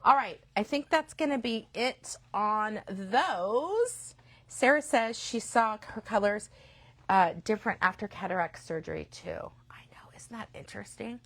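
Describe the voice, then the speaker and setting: A woman in her fifties hosting a live stream for a yarn shop, chatting casually and enthusiastically, sometimes dropping to a quiet aside. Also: mid-range voice, lively intonation, a little slow. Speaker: shop host. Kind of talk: live-stream product chat.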